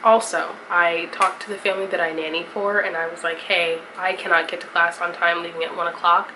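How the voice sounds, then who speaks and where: A woman's voice: on the low side, little pitch movement, brisk. Chatty young woman vlogging, swearing. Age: young adult. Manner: chatty, swears casually, storytelling recap. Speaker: college student vlogger. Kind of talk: casual vlog. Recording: vlog with clear ambient noise.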